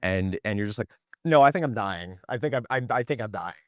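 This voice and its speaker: A man's voice: lowish voice, animated, brisk, fairly bright tone, no room sound, clean studio sound. A young adult man, a podcast guest, telling a story in casual chat, acting out the quoted lines with lots of fillers.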